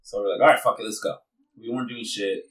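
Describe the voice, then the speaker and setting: A man tells a story in loose, profane, animated chat and drops Spanish words into his English. He sits some way from the microphone. His voice rings in an echoey room. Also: fairly low pitch, quick pace. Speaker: podcast guest telling a story. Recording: echoey room, distant mic.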